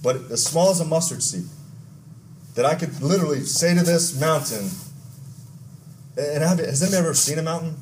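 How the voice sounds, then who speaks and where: A pastor from Texas, preaching a conversational sermon with asides, stories and questions to the congregation. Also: male voice, fairly high pitch, brisk, long pauses, a little hiss or hum.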